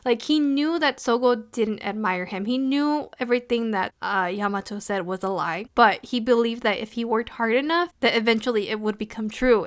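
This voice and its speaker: A woman's voice: on the high side, fairly bright tone. A woman talking through an anime episode in a casual review, earnest and emotional, with many "you know" fillers.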